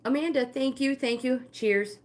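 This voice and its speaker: A woman's voice: sits high, normal speed. An older woman leading a live-streamed walking workout, giving friendly exercise cues and greeting viewers by name. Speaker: fitness instructor and livestream host.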